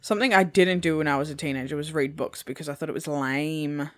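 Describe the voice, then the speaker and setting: A woman's voice: deep voice, fairly even intonation, fast. Pregnant woman, co-host, dry and laid-back, giggles often. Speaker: podcast co-host. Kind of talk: casual chat.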